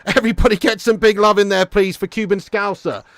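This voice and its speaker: A man hosting a live football watch-along, excitable and sweary, laughing as he reads out viewer messages. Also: sits high, a little fast, no room sound, studio quality. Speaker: livestream host.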